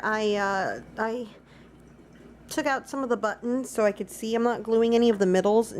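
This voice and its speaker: A young vlogger with a fairly high voice and steady tone chats a little fast through a casual daily vlog at home indoors. She rambles and talks to her dogs, with slight background noise.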